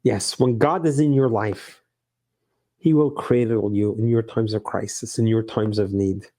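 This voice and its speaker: A man's voice: on the low side, fairly even intonation, unhurried, dark tone. A middle-aged man preaching as a rabbi, earnest and emphatic, repeating his phrases. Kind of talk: sermon.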